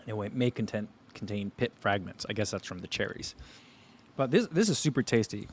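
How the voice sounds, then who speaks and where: A man in his thirties hosts a running-channel livestream, casually tasting food and chatting, sometimes with his mouth full. His voice is lowish and husky, and he talks fairly quickly in a relaxed way.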